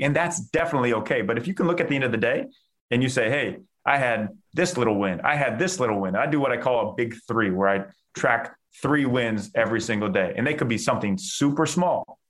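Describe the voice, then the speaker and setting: An enthusiastic man talking as a mindset coach in a podcast interview. His pitch sits in a middle range, and he often stops to say "like" before going on. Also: fairly bright tone. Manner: enthusiastic, uses filler "like" often.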